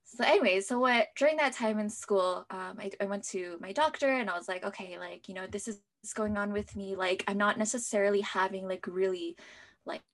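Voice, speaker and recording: A young woman speaks briskly in a mid-range voice, sharing her personal story as an interview guest. She's chatty, leans heavily on "like" as a filler, and now and then sinks to a soft near-whisper.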